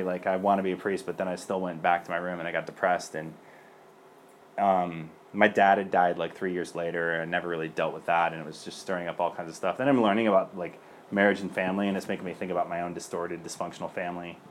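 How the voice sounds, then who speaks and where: A man's voice: deep voice, fast, a little hiss or hum. A young man speaking as a priest, giving an earnest personal testimony in a loose conversational way. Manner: earnest and conversational, many fillers.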